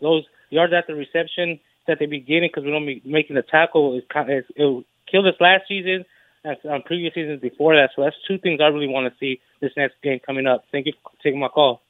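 A man's voice: fairly high pitch, fast talker, dry recording. Guy calling into sports radio, laid back, sounds like a phone line, dry. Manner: casual, relaxed, conversational. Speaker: caller. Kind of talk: phone-in call.

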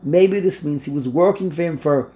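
A man's voice: a little high, normal speed, warm tone. A man teaching a Torah class in English, mixing in Hebrew and Yiddish terms, with stammering restarts and incredulous outbursts.

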